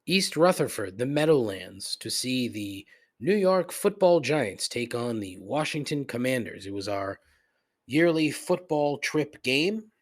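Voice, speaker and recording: A man's voice: medium pitch, big pitch swings, measured pace. Male podcast host, casual profane rant, sardonic storyteller, mid-range voice.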